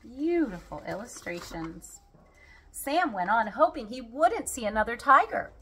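A woman reads a children's storybook aloud, unhurried and expressive. Her voice is bright and a bit breathy, and her pitch moves up and down widely as she reads.

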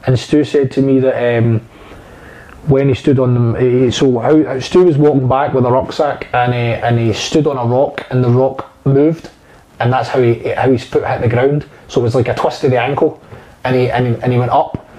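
A man's voice: mid-range voice, fairly even intonation, moderate pace, warm tone, low-quality recording. A man, an actor chatting casually and telling long, rambling anecdotes full of fillers and swearing. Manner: rambling, profane storyteller with many fillers. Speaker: actor guest.

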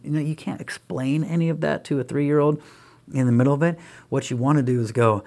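Animated man telling parenting stories. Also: a little high, fairly quick. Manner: animated storyteller who acts out dialogue in voices; energetic, emphatic, with frequent restarts. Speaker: guest speaker and author. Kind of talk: conversational podcast interview.

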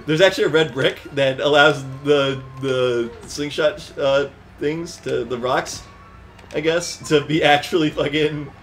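A young man giving casual, excitable gameplay commentary with friends, swearing, laughing and breaking into loud outbursts. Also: a little high. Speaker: gaming commentator.

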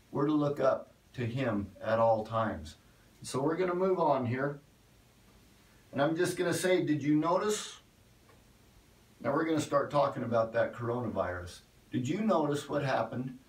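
Folksy cowboy preacher, echoey room. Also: male voice, mid-range voice, distant mic. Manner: folksy, conversational, cowboy turns of phrase. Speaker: pastor. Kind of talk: folksy online sermon.

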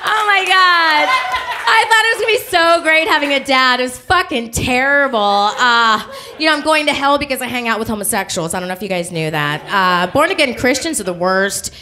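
Woman, stand-up comic, lively swooping voice, fairly high, faint hiss behind. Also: fairly quick. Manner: animated storytelling, acts out voices. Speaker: stand-up comedian. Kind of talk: live stand-up comedy. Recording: live show with faint noise.

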